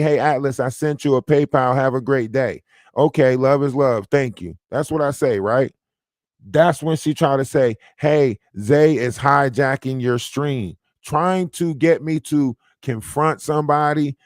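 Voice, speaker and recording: A man's voice: fairly high pitch, darkish tone, dry recording, clean studio sound. A man hosting a livestream, talking casually and reading out messages, with an insistent manner and frequent "right?" tags. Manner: insistent, keeps adding "right?". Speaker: livestream host.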